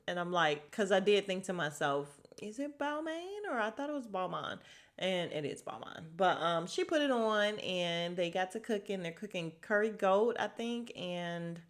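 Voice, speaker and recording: A young woman in a loose, gossipy recap, talking in a slightly low voice that jumps up high when she gets excited. She laughs a lot and keeps things chatty and informal. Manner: chatty and gossipy, laughs often, lively pitch swings. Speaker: podcast host recapping a reality show. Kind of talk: casual chat recap.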